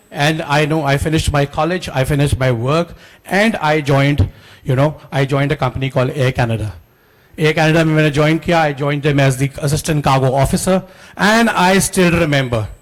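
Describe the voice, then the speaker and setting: A middle-aged man with an Indian accent gives a lively motivational talk to students, telling stories and putting questions to the audience. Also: high-pitched, rough recording. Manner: animated storyteller, asks the audience questions, mixes Hindi into English. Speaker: guest speaker.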